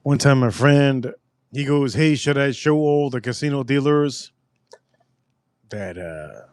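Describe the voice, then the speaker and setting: A man hosting a casual livestream, rambling through stories loudly and with lots of swearing. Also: mid-range voice, takes it slowly, no echo. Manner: rambling storytelling, loud and profane. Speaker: livestream host.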